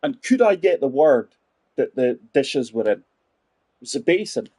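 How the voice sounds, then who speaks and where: A man's voice: medium pitch, very animated, moderate pace, warm tone, breathy edge, no room sound. A man in his forties giving chatty, rambling commentary while playing a golf video game and talking to his viewers. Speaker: gaming channel host. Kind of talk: casual gameplay commentary.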